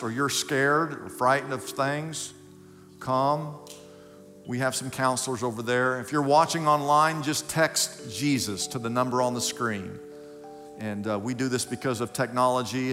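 A man's voice: medium pitch, fairly bright tone. A male pastor giving a sermon in a church, preaching emphatically and building his points. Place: church sanctuary. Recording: echoey hall with faint music.

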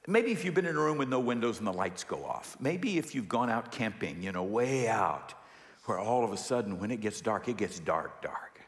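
A man in his thirties, a pastor, preaching a sermon and acting out a family story. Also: fairly low pitch. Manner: animated storyteller acting out dialogue. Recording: echoey hall with long reverb.

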